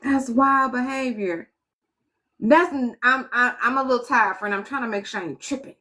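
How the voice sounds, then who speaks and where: A woman's voice: fairly high pitch, normal speed, sharp tone. A woman chatting casually on a live stream, muttering exasperated asides to her viewers as she goes.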